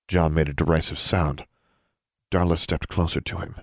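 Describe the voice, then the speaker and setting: A man narrating a fantasy audiobook in a measured, suspenseful storytelling manner. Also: very deep voice, flat delivery, no echo, clean studio sound.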